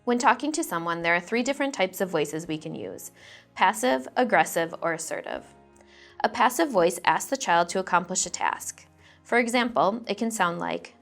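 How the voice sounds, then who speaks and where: A woman trainer giving scripted instructional narration in a measured way, clearly reading out example phrases. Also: fairly low pitch, animated, faint music behind.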